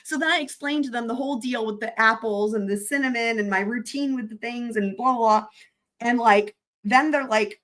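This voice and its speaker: Animated young woman telling a story. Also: on the high side, a little fast. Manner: animated, laughing often, swearing casually. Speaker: livestream host. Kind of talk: casual storytelling chat.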